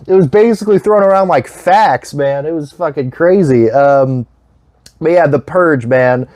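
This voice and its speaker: A man's voice: a little high, unhurried, a little mellow, no room sound. A man in his twenties rambling casually through a movie vlog, swearing often and breaking into laughter. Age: 20s. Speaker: YouTube host.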